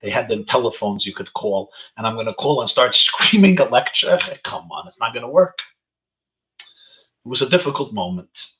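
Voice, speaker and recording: A man's voice: mid-range voice, lively intonation, normal speed, bright, forceful tone. A man, a rabbi, giving an inspirational talk to teenagers over a webinar, telling stories sprinkled with Yiddish and Hebrew phrases. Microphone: webinar video call.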